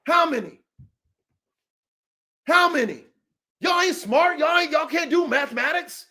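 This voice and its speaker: A man with a high voice for his sex, hosting a dog-training podcast. He rants in a heated, confrontational way, swearing freely and repeating himself for emphasis. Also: a little slow, pushed and bright. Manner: profane, repetitive, confrontational. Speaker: dog trainer and show host.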